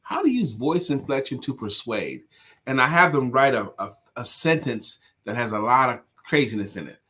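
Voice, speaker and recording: Male host and sales coach, husky voice, lively pitch, emphatic and repetitive. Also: normal speed. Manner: animated and emphatic, repeats key phrases. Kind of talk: casual livestream chat.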